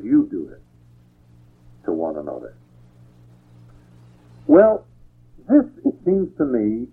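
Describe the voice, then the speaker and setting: A man's voice: medium pitch, slightly rough. A man preaching a sermon, reading scripture aloud and then explaining it in a plain, folksy way. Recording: tinny phone-like radio broadcast.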